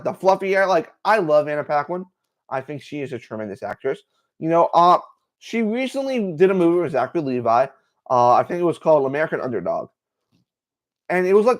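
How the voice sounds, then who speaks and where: A man hosting a livestream. He chats casually and excitably, with many fillers. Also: on the high side. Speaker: host.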